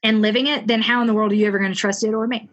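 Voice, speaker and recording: A woman's voice: fairly high pitch, fairly even intonation, very fast, highs cut off. A woman fitness coach co-hosting a podcast, speaking candidly and directly in a heartfelt conversation.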